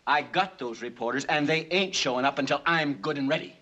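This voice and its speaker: An actor playing a brash, fast-talking gangster in a 1960s film comedy, with a husky voice and street slang. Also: male voice, fairly high pitch, sharp tone. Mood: defiant.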